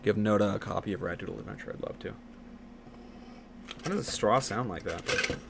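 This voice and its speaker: A young man streaming live late at night, teasing his chat and jumping from low mumbles to sudden yells. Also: a little fast, vocal fry, noisy background. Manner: excitable, teasing, jumps from mumbling to yelling.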